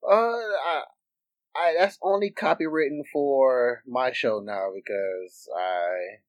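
A man who is a returning guest on a casual podcast, talking slowly and hesitantly and laughing easily. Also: medium pitch, no room sound. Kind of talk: casual chat.

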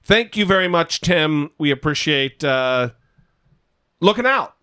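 Male co-host, lively and bright, casual and profane, dry close sound. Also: a little high, a little slow, clear, resonant tone, no echo. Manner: profane, self-deprecating, animated. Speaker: podcast co-host. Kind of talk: casual chat.

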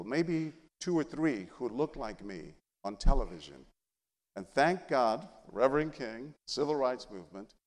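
A middle-aged man from San Antonio, Texas, a journalist giving a speech and telling his life story with humor and animation. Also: mid-range voice. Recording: long hall reverb.

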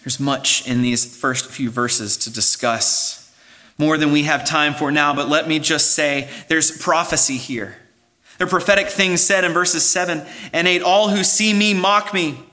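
A pastor preaches in a high, bright, forceful voice, keeping a steady tone and a somewhat slow pace. Earnest in his explanations, he occasionally restarts phrases and builds emphasis as he continues.

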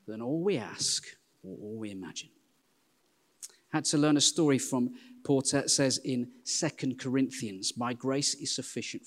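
An English man in his forties preaching a sermon in a church, telling self-deprecating stories in a lively way. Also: medium pitch. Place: church hall. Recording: long hall reverb.

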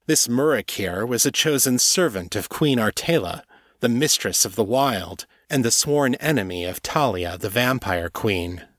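A man narrating a fantasy story in a measured, deliberate way. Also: mid-range voice, animated, fairly bright tone, dry recording, clean studio sound. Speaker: audiobook narrator. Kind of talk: scripted fiction narration.

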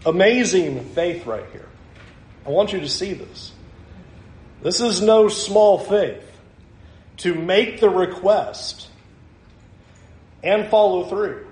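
Male pastor, unhurried delivery, slightly high voice, echoey room with faint hiss. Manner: animated, acts out scenes with laughs. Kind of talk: sermon.

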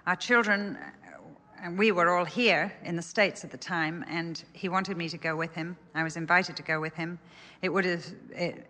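A woman's voice: fairly low pitch, pushed and bright. An older woman telling an earnest personal story in a sermon. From England. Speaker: speaker. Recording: echoey hall.

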